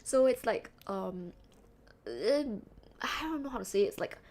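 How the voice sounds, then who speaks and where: Woman streamer, casual chat, higher voice, chatty and giggly with loose fillers. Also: lively intonation, moderate pace, a little mellow. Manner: chatty, laughs often, trails off with fillers.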